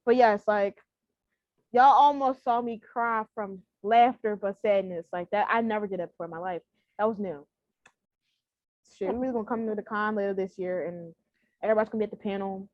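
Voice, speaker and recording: A woman's voice: medium pitch, steady tone, a little fast, a little mellow, no echo. A young woman co-hosting a podcast in casual chat, emotional, pleading and laughing, swearing freely. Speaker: podcast co-host. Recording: dry, dull lo-fi sound.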